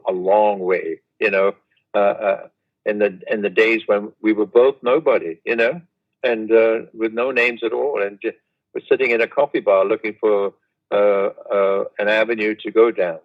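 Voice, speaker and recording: An older man, a guest reminiscing in an unhurried, rambling way over a video call. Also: on the low side, highs cut off. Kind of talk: casual interview chat.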